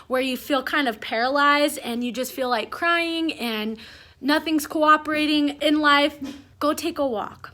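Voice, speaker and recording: A young mother talks straight to her camera at home, rambling from one thought to the next. Her voice sits high and sounds bright and clear. She comes across as chatty and openly emotional. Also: unhurried. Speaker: mom vlogger. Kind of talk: casual chat to camera.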